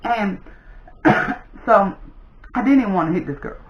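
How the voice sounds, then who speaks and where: Animated woman telling a story, roomy sound. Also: mid-range voice, a little slow, dull audio, slight background noise. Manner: animated, addresses viewers as "y'all". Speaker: storytime vlogger. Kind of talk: casual storytelling.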